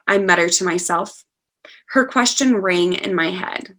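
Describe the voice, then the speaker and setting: Expressive and a bit bright, this woman's mid-range voice keeps a measured pace. Over a video call she gives an online lecture on scholarship essays, speaking patiently as she reads a student's essay aloud.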